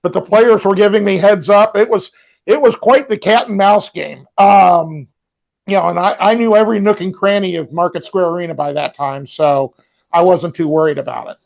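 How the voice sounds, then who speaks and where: A man's voice: high-pitched, normal speed, creaky, darkish tone, lo-fi sound. A man co-hosting a podcast from home, telling rambling anecdotes in casual chat with frequent ums and restarts. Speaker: podcast co-host. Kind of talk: casual storytelling. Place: home with a robot vacuum running.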